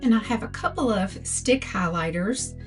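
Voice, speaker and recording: A woman's voice: a little high, animated, faint music behind. An older woman giving a chatty makeup tutorial as a beauty vlogger, talking through products one by one. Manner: slow, chatty product talk.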